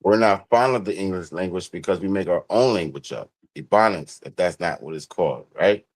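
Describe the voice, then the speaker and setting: Brief: fairly low male co-host, dry close sound, slangy and laughing. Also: a little fast, no room sound, poor audio. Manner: laughing, slangy, stumbling restarts. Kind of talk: casual group chat.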